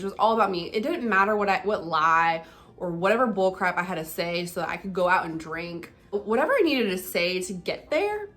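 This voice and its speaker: A woman's voice: medium pitch, expressive, a little fast, fairly bright tone. Candid woman vlogging, chatty, filler-heavy. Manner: candid, conversational, many fillers like "like" and "um". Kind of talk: casual personal vlog talk.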